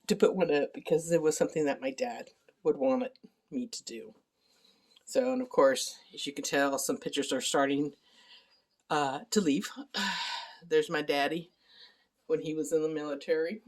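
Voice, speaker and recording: A middle-aged woman with a deep, low voice talks into a handheld phone camera at home. She speaks softly and haltingly, pausing on ums and apologizing often, in a casual personal update. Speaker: vlogger giving a personal update. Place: at home, indoor living room.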